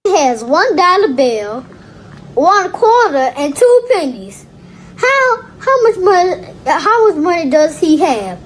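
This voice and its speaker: Shrill giggly kid bit, drawn out, far from the mic. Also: male voice, sing-song, slow pace, a bit bright, exaggerated voice. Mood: teasing.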